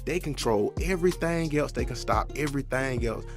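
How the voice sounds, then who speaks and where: A man with a gravelly, creaky voice hosts an unscripted podcast, drifting through loose slang with plenty of fillers and asides. Faint music plays under him. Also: mid-range voice, a little fast. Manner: loose, rambling, drawling slang with many fillers. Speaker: podcast host. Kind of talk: casual unscripted podcast talk.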